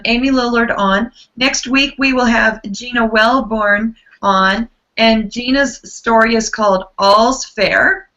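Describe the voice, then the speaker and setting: A tired woman with a gravelly voice, effusively hosting an online book club chat over a video call. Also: fairly high pitch, dull audio. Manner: warm, effusive, chatty.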